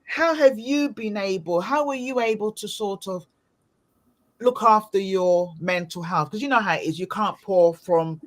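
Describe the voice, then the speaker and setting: Lady hosting a chat show, mid pitch, loose and chatty, lots of "you know". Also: unhurried. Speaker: podcast host. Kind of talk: casual interview chat.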